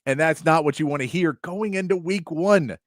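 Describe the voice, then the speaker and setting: A man's voice: fairly high pitch, normal speed, no room sound, studio quality. A man hosting a sports talk show, chatting casually and acting out quotes in mock voices.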